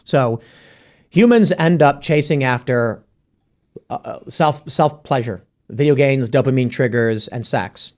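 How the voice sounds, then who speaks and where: A man hosting a podcast panel, arguing his points in a casual debate with quick bursts. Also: mid-range voice. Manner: argumentative, rapid bursts. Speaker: podcast host.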